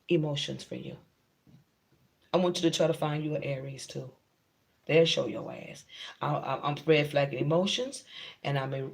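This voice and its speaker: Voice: mid-range voice, creaky. A tarot reader giving a blunt, casual reading to viewers, repeating points and talking frankly in slang. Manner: blunt and repetitive, drives points home.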